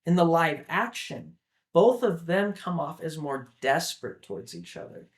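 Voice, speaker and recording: A man's voice: fairly high pitch, very animated, moderate pace. A young man co-hosting a casual film discussion, talking enthusiastically and rambling with lots of filler words. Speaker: podcast co-host.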